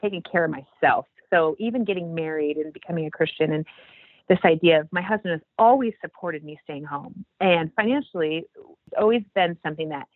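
A woman guest telling a faith story in casual talk, acting out the quoted lines with animated jumps in her voice. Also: brisk, no room sound. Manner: animated, acts out quoted dialogue with big pitch jumps. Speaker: podcast guest. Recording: dry, tinny phone-like line.

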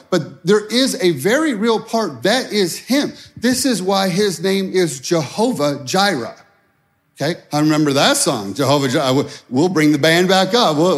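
A middle-aged man preaching a sermon as a pastor, in a conversational style that acts out anxious prayers. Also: sits high.

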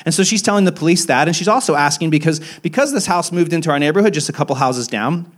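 Man preaching a candid sermon. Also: fast talker. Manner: candid, self-deprecating storytelling with frequent restarts; swings between emphatic rises and quiet, low asides. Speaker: pastor.

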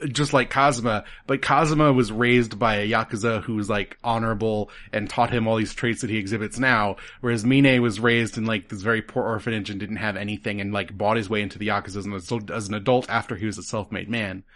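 A man's voice: on the low side, steady tone, quick pace, few pauses, fairly bright tone. A man co-hosting a casual conversation about video games, rambling and using many "like" fillers.

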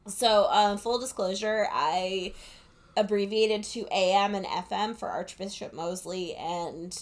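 A woman's voice: medium pitch, fairly even intonation, unhurried. A woman podcast co-host in casual chat, recapping a film plot in a chatty, sarcastic way and laughing often, speaking into a headphone mic. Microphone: headphones with a corded mic.

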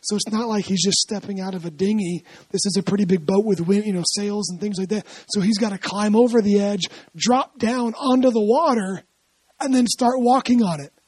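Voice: medium pitch, brisk, darkish tone, breathy edge, no echo, rough recording. A preacher giving a conversational sermon, telling scripture stories in a chatty way and often asking rhetorical questions. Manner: asks frequent rhetorical questions; explains scripture in a chatty, storytelling way.

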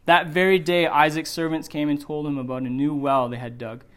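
Middle-aged guy preaching in church, earnest, kinda higher voice, repeats stuff for emphasis. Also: level tone, brisk, clear, resonant tone. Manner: earnest, repeats phrases for emphasis, drops soft for quotes. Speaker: pastor. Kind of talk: sermon. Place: church sanctuary.

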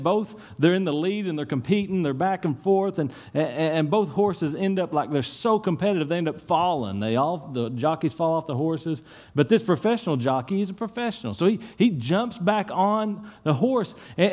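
A man preaching a sermon in church, telling stories with lively swings and dropping to a hushed tone for prayer. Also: a little high. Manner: animated storytelling, repeats words, drops to a hushed tone in prayer. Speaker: pastor.

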